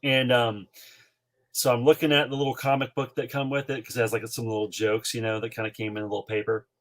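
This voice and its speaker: Man, forties, from North Carolina, animated storytelling, casual podcast chat. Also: mid-range voice, fast talker. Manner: animated storyteller, frequent fillers. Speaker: podcast co-host.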